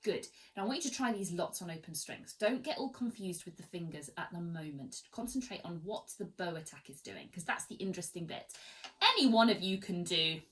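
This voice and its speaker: A woman's voice: lowish voice, expressive, brisk, music in the background, poor audio. A woman teaching violin in an online tutorial, encouraging and demonstrative, counting and singing rhythms aloud.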